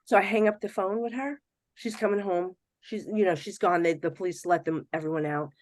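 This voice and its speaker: A woman psychic medium, a podcast guest telling animated stories in a chatty, casual way with lots of "you know". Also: medium pitch, fairly quick, no echo, studio quality. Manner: animated, swings between hushed and excited.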